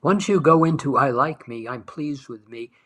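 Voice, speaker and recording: A man leading a guided meditation talk as a spiritual teacher, speaking softly and slowly, lingering on words and sometimes dropping to a whisper. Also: medium pitch, animated. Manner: soft, slow, dwelling on words, dropping to whispers.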